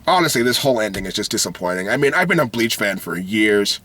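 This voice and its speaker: A man's voice: on the low side, animated, quick pace, pushed and bright, slightly rough. A man ranting in a vlog, heated and profane, frustrated and often laughing. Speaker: anime video creator.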